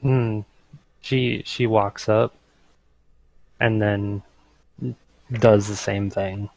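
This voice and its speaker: A man with a low, gravelly voice speaks unhurriedly as a player at a tabletop game. He is hesitant, and the recording is dry. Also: steady tone, drawn-out words, darkish tone, no echo, rough recording.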